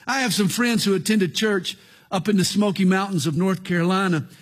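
A middle-aged male pastor preaches with a husky, slightly breathy voice that sits high for a man. He leans into earnest, emphatic phrasing and slows down for small family stories. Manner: earnest, slow emphatic phrasing with storytelling asides. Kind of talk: sermon.

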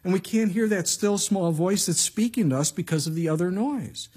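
A middle-aged male pastor preaching a sermon in a conversational way, acting out quotes with lively voices. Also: high voice, moderate pace, breathy edge.

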